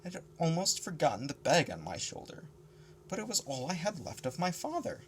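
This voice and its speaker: Very animated male audiobook reader. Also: fairly high pitch, moderate pace, a little hiss or hum. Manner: expressive, switches between character voices. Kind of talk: casual audiobook narration.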